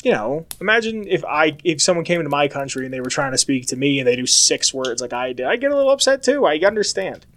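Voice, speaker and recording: A chatty young man from the United States rambles through a casual monologue, full of filler words. His voice sits a little high. The recording is dry and close. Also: very animated, fast talker, hardly any pauses, a bit bright, dry recording.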